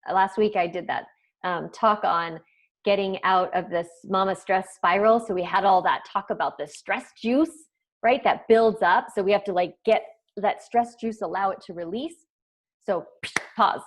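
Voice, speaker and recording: A woman's voice: mid-range voice, moderate pace. A woman parenting coach giving a live online training in a conversational, chatty way with asides to viewers.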